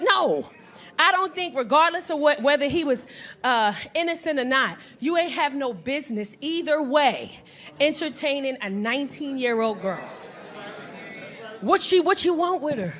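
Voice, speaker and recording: Performing for an audience in a comedy club, a woman stand-up speaks at a moderate pace in a high, lively voice. She's brash, trades banter with the crowd, and slips into character voices while laughter rings out around her.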